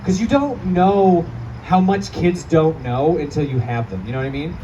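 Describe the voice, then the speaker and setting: Recorded from afar on a comedy club stage, a man in his thirties works a live crowd with profane, self-deprecating material, laughing through the punchlines. His slightly high voice is mellow and moves at normal speed, with the highs cut off. Audience laughter and chatter fill the background.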